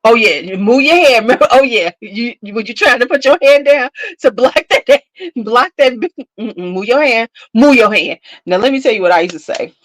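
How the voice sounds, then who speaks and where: A woman hosting a casual chat to camera, telling stories in an animated, profane way, laughing often and acting out scenes. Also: fairly high pitch, normal speed, dry recording, poor audio. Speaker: beauty channel host.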